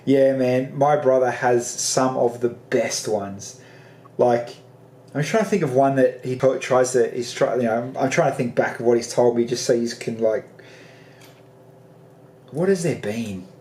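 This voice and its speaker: An Australian man hosting a livestream show, telling rambling stories in a casual, animated way with lots of fillers. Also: mid-range voice, unhurried, roomy sound. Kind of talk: casual chat.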